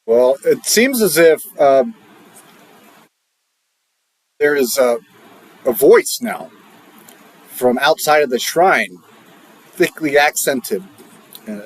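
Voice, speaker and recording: A man narrating as dungeon master for a tabletop game, in relaxed, halting speech with fillers. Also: medium pitch, gravelly, slightly rough.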